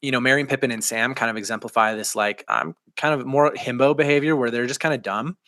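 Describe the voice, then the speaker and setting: A man's voice: mid-range voice, steady tone, quick pace, sharp tone, no room sound. A man co-hosting a podcast who talks enthusiastically and animatedly in casual conversation. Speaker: podcast co-host.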